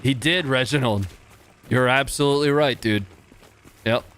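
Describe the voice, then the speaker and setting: An American man in his thirties streams a game and casually chats with viewers, laid-back and chuckling often. His voice has a medium pitch, normal speed and a slightly bright, clean tone.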